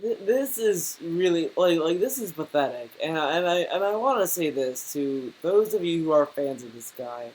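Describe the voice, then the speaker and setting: A man's voice: a little high, expressive, moderate pace, few pauses, darkish tone, low-quality recording. A man giving a reaction commentary as a YouTuber, stammering and repeating words as he rants and swears.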